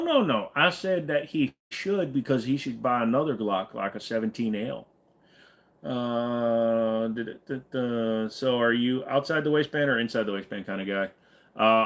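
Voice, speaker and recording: A man hosts a casual livestream, reading chat and rambling along with jokes and plenty of fillers. His mid-range voice is a bit bright and moves at a moderate pace.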